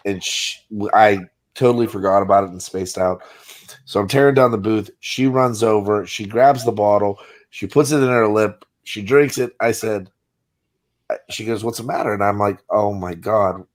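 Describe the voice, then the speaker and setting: A man's voice: fairly low pitch, normal speed. Man telling a story with acted-out quotes. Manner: storytelling, acts out quotes, laughs through it. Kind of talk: casual anecdote telling.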